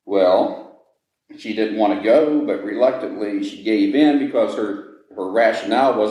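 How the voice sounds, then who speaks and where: Man, ghost-tour storyteller, low mellow voice, slow dramatic telling, echoey stone room. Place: old jail building, indoors.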